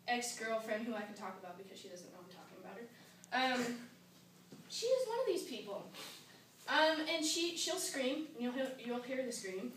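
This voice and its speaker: A young woman with a high voice gives a sarcastic, comic complaint speech in a classroom. She breaks into shrill, panicked impressions of the people she mocks. The recording is very echoey and noisy, with the mic set well away from her. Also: far from the mic. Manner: sarcastic, acts out panicked quotes. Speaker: student giving a speech.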